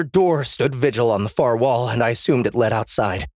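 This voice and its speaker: A man's voice: medium pitch, normal speed, a little mellow, no echo, studio quality. A man narrating a first-person story as an audiobook, in a tense, dramatic reading.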